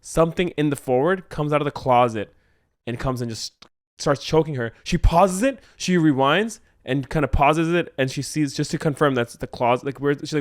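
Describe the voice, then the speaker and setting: A man pitching a horror short in casual chat, rambling with lots of fillers and acting out the character's lines. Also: a little fast, no echo, clean studio sound. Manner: rambling, full of "like", acts out lines with swearing. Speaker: co-host writing a script.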